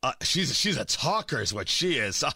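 A man hosting opinionated political talk radio, sarcastic and animated, often repeating and restarting his words, a little stuffy from a cold. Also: mid-range voice, moderate pace, breathy edge, dry recording, studio quality. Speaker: radio talk show host.

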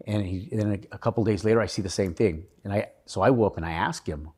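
A man with a low, husky voice tells his own story as a guest in a casual interview. He talks earnestly and rambles, often backing up to restart a sentence. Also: fast talker, a little mellow. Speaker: podcast guest.

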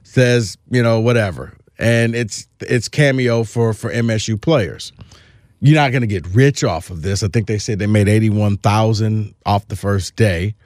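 A man's voice: lowish voice, unhurried, darkish tone, no echo. Man, sports podcast co-host, opinionated, emphatic, casual, dry studio sound. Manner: opinionated, emphatic, restarts phrases.

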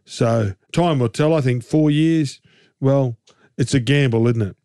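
An Australian man in a casual sports chat, talking in a middle-pitched voice that jumps up high when he gets going. He rambles and jokes with restarts and rhetorical questions. The recording is dry and close, with no room sound. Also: a little slow, clear, resonant tone, dry recording. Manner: animated, jokey, rambling with restarts. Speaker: co-host and game commentator.

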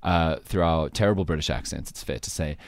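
A man hosting breakfast radio, energetic and giggly in playful banter. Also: extremely low pitch, vocal fry, no echo, studio quality. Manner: energetic, giggly, quick to laugh.

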